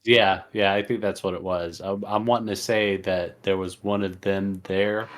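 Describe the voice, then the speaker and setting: Middle-aged guy co-hosting, lowish voice, hesitant, lots of uh and like. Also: fairly even intonation, moderate pace, fairly bright tone. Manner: hesitant, thinks aloud with fillers. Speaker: podcast co-host. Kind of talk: casual chat.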